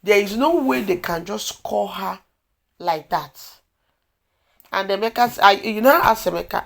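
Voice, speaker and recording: A woman with a Nigerian accent chatting through a casual movie recap, telling the story in an animated way with exclamations. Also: mid-range voice, measured pace, vocal fry. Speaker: movie reviewer.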